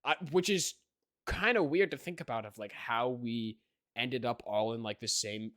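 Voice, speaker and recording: A man's voice: mid-range voice, moderate pace, a bit bright, no room sound, studio quality. A teenage young man hosting a podcast, telling a story in a rambling way, full of fillers and "right?" check-ins. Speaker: podcast host. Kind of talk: casual chat.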